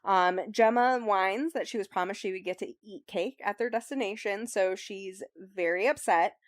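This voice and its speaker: On a podcast, a young book club host summarizes a novel in a loose, rambling way, packed with "likes" and "ums." She has a medium-pitched voice at normal speed, and the recording is dry.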